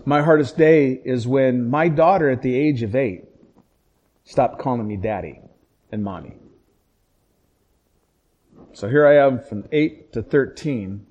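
A middle-aged man, a pastor, telling a painful personal story in conversation, acting out the dialogue and swinging from hushed, low tones to loud, raised outbursts. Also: a little slow, pauses often, dull audio. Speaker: pastor and police chaplain.

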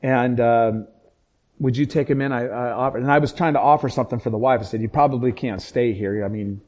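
A middle-aged man, a pastor by trade, recounts a painful family story in conversation. He acts out each voice in the dialogue, dropping to a hush and then rising sharply with real intensity. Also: medium pitch, a little fast, highs cut off. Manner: dramatic storyteller acting out quoted dialogue, swings from hushed to loud. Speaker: pastor and police chaplain. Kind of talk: emotional personal storytelling in conversation.

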